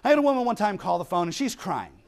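A man's voice: high-pitched, very animated, fast talker, creaky. A male pastor preaching a sermon in a blunt, emphatic way, often checking in with "okay?".

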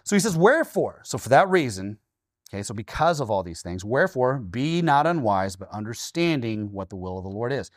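A pastor in his forties from Washington state preaching a sermon, telling stories with lively, acted-out quotes and often checking in with "okay?". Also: medium pitch, fairly quick, no room sound, clean studio sound. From Washington state, USA. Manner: animated storytelling, acting out his own quoted lines.

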